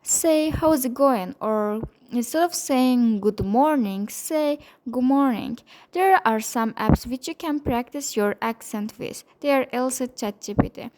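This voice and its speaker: A woman, not a native English speaker, narrating a pronunciation lesson and slowing down to demonstrate example words. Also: a little high, expressive, darkish tone. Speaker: accent teacher.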